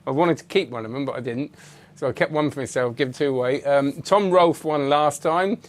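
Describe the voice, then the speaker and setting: A middle-aged British man with a fairly high-pitched voice speaks at a moderate pace. He hosts a magic review channel, rambling casually through a live-stream chat and greeting viewers by name in British English.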